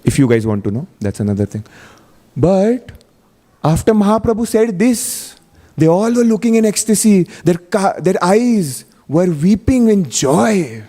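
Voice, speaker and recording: A guest speaker at a temple feast class gives a chatty storytelling sermon, saying "you know" a lot and often quizzing his audience. His high voice is warm and sing-song at a measured pace, with long reverb from the temple hall.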